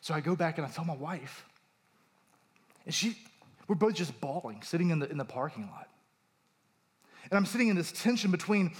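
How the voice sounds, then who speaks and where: A man's voice: on the high side, animated, normal speed, pauses often. Man preaching a conversational sermon. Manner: conversational storytelling, emphatic rises. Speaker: pastor.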